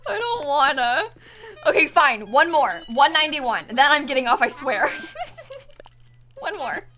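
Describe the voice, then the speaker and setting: A woman's voice: high-pitched, expressive, measured pace, pushed and bright. A woman streamer chatting live while playing a game, exasperated, talking to herself and often laughing. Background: faint background music.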